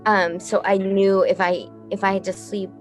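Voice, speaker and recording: A woman's voice: mid-range voice, little pitch movement, normal speed, faint music behind. A young woman from Texas, a musician guest telling a story casually, rambling with lots of fillers, swearing and laughing often.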